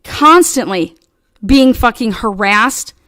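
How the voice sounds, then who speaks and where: A woman's voice: on the high side, expressive, slow, a bit bright, no echo. Furious foul-mouthed woman ranting. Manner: profane, combative, heated. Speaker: channel host. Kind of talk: angry livestream rant.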